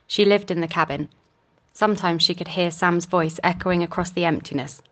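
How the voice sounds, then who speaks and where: Woman audiobook narrator, measured, lower pitch. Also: a bit bright. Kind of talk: scripted narration.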